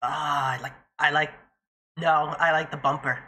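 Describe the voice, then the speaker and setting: A young adult streamer plays a game live, chatting casually and profanely to viewers and to themselves. The voice is medium in pitch with a fairly even intonation, bright and forceful, at a moderate pace.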